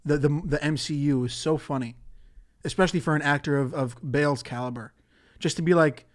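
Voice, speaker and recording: Male podcast host, fairly high voice, casual rambling talk, profane, laughs a lot. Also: a little fast.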